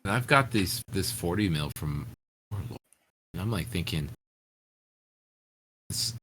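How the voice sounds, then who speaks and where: Low-voiced male co-host, casual wisecracker on a hobby stream. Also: expressive, unhurried, pauses often, fairly bright tone, breathy edge, low-quality recording. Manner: joking, loose and casual. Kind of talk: casual chat during a live hobby painting stream.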